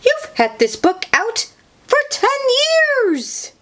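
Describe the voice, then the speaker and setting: A woman doing a brisk rabbit librarian. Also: mid-range voice, wildly swooping pitch, slightly rough, heavily acted.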